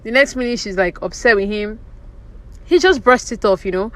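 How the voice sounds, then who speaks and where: A woman's voice: medium pitch, moderate pace, a bit bright. A woman giving a chatty, opinionated recap of reality TV, full of "you know" and "like". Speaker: reality TV commentary vlogger. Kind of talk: casual recap commentary.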